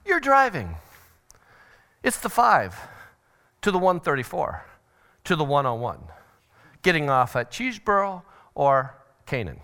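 A middle-aged man teaching a parenting seminar at church, animated and acting out family scenes with sudden shouted voices. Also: sits high.

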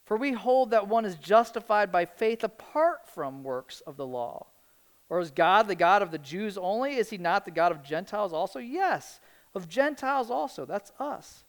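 Middle-aged woman giving a sermon, earnest and chatty, lots of "like". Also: mid-range voice. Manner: earnest, conversational, many "like" fillers. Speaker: preacher.

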